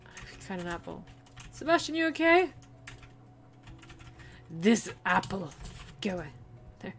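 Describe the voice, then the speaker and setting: Chatting playfully as she plays a video game, a woman keeps a measured pace with long pauses, then suddenly lets out high, excited squeals.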